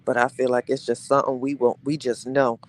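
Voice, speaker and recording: A man hosting a live-streamed gossip show, chatting casually with his viewers in an animated, dramatic way and dropping into hushed asides. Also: medium pitch, a little fast.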